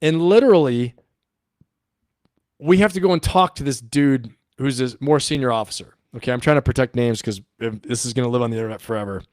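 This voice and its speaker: A man's voice: mid-range voice, brisk, dry recording, studio quality. Rambling, profane middle-aged man. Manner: profane, rambling, laughs often. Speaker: livestream host and coach. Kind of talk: casual livestream storytelling.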